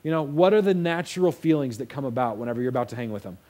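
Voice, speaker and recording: A man's voice: medium pitch, expressive, very fast, mellow. A young man preaching a sermon in a casual storytelling way, acting out the quotes. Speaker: pastor.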